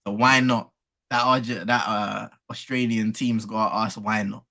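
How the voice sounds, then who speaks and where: Man, bright forceful voice, animated slangy chat. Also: lowish voice, measured pace, vocal fry. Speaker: co-host. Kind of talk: casual watchalong chat.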